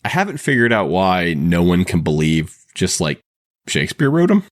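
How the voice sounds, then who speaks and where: A man's voice: sits low, very animated, moderate pace, no room sound, studio quality. A man hosting a podcast in casual chat, talking loosely with frequent laughs and restarted sentences. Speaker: podcast host. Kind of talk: casual chat recapping a TV episode.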